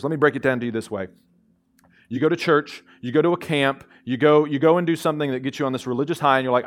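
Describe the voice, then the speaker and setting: A man's voice: mid-range voice, fast talker. Conversational male pastor preaching. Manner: conversational, animated preaching with reading and a closing prayer. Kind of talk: sermon. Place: church.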